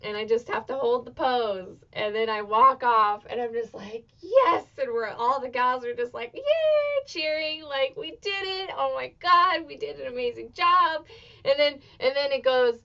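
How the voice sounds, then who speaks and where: A woman in her thirties hosting a motivational solo podcast, talking expressively and swearing freely, with bursts of excitement. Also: on the high side, moderate pace, highs cut off. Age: 30s. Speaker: podcast host.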